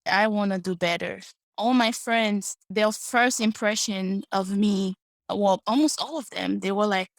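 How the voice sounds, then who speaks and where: A woman in her late twenties telling personal stories as a podcast guest, soft-spoken, reflective and earnest. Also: medium pitch, a little slow, creaky, no echo. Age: 20s. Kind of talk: personal storytelling.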